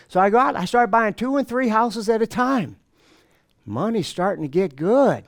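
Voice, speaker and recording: A middle-aged man giving a storytelling presentation to an audience, animated and self-mocking, acting out the dialogue. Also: high voice, normal speed, vocal fry, no echo, studio quality. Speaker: motivational speaker.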